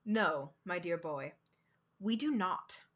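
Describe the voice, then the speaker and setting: Brief: a woman voicing a wry older male psychiatrist, soft and musing, slow-paced, bright tone. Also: fairly low pitch, lively intonation, pitched below the performer's own voice, full character voice.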